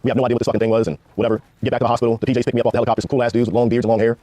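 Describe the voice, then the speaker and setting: A man's voice: mid-range voice, flat delivery, warm tone, dry recording. A man, a former Ranger telling war stories in a casual, profane interview. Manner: rapid, profane, laid-back war storytelling. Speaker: guest, former Army Ranger.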